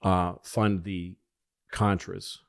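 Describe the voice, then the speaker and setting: A man with a fairly low voice tells a rambling political story on a casual podcast. He acts out the people he quotes, his voice leaping high and loud in their lines before settling back down. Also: drawn-out words, gravelly. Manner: animated storyteller acting out quotes in excited higher voices. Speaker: podcast host.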